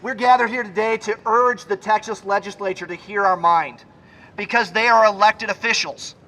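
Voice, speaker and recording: A man's voice: high voice, fairly even intonation, normal speed, pushed and bright, low-quality recording. A man delivering a formal, declamatory prepared speech outdoors at a rally. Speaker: rally speaker.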